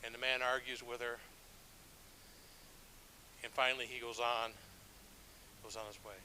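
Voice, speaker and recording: Bright-voiced male church elder preaching. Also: medium pitch, little pitch movement, measured pace, a little hiss or hum, rough recording. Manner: conversational, self-deprecating, frequent restarts. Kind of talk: sermon with storytelling.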